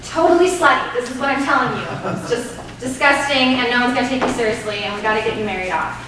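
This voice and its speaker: High-voiced and bossy, this is a scheming sister, played by a woman in a live improv scene. She scolds and pushes, her lines ringing through an echoey theater. The sound comes from far off, with a noisy hiss behind it. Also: fast talker, natural voice. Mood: pushy. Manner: scolding, pushy, bursts into shrill outbursts. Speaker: improv performer. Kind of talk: improvised stage comedy scene. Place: small theater stage. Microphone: distant room mic.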